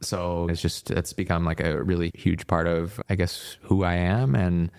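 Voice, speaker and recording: A man's voice: low voice, normal speed, vocal fry, clean tone. A man in his thirties from Virginia, a former hockey coach, telling stories as a podcast guest and acting out the people he quotes. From Virginia, United States. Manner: lively storyteller who acts out quoted people. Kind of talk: casual interview storytelling.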